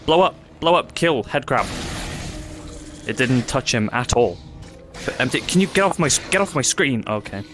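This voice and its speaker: Over music, a young man's medium-pitched, expressive voice carries his relaxed let's-play commentary. This gaming YouTuber talks freely, curses a lot and is quick to break into laughter.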